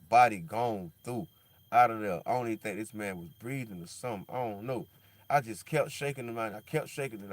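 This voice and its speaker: Loud, animated outbursts alternate with a low, somber mutter as this man rambles casually, his slang heavy with "bro" and "dog." There's no room sound.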